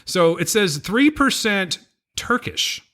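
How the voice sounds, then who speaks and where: A man hosting a podcast, talking in a bright, forward voice that swings widely up and down in pitch. He jokes around in brash, profane, easygoing chat. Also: big pitch swings, takes it slowly. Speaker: podcast host. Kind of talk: casual chat.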